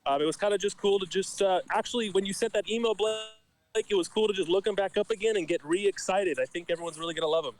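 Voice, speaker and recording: A man's voice: high voice, quick pace, poor audio. A man joining a casual chat remotely as a sponsor's representative, upbeat and plain-spoken. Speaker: sponsor rep on video call.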